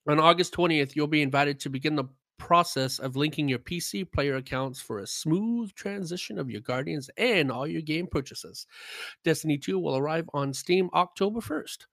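A man's voice: a little high, normal speed, a bit bright, no echo. An American man co-hosting a casual podcast, joking around and laughing as he reads out game news. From United States. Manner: jokey, laughs often, tries silly accents. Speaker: podcast co-host. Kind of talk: casual podcast chat, reading news aloud.

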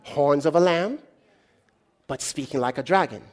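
A man with a notably high voice delivers a sermon to a congregation. He preaches in a call-and-response way, rising to loud exclamations and then dropping to hushed, low tones. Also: normal speed.

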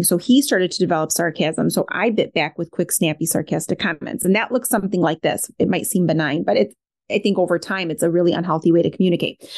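A middle-aged woman with a somewhat low voice talks as a parenting expert on a podcast. She sounds candid and reflective, thinking aloud with frequent "like"s in easy conversation. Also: a little mellow. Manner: reflective, candid, many filler "like"s.

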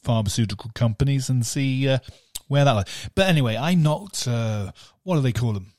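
A man's voice: medium pitch, normal speed, darkish tone, dry recording, clean studio sound. Joking man from southern England. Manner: joking, teasing banter. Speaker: podcast host. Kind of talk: casual chat.

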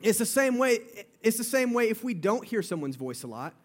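A man's voice: sits high, very animated, a little fast. A young man, a youth pastor, giving a playful, chatty sermon to a live audience, often calling out "guys" and repeating himself.

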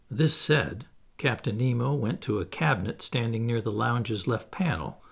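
A man narrating a classic novel in the first person as an audiobook, in a measured, expressive storytelling manner. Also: mid-range voice, vocal fry.

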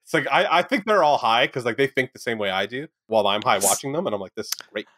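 A young man chats on a podcast at a rapid clip, rambling excitedly and swearing as he goes. His voice sits dry and close with no room around it. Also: medium pitch, no echo. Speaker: podcast co-host. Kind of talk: casual podcast chat.

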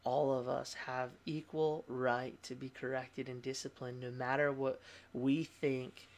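A young adult man, a pastor, sharing a personal testimony in casual conversation, candid and animated, with fillers and laughs. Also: medium pitch, a little slow.

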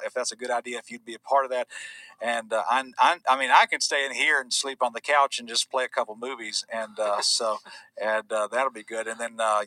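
A man's voice: medium pitch, bright, forceful tone, no echo, rough recording. A man hosting a casual live stream, rambling with fillers and jokes while reading out viewer comments.

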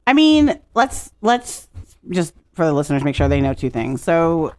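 A deep-voiced woman co-hosting a podcast retells a film in casual chat with animated storytelling. She does quick quoted voices, laughs often and swears casually.

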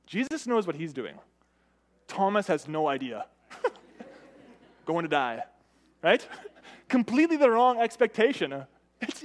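A man with a high voice preaches a sermon. He talks in a conversational way, keeps asking the listeners "right?", and raises and drops his voice for emphasis. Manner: conversational, often asks "right?"; varies pitch and loudness for emphasis.

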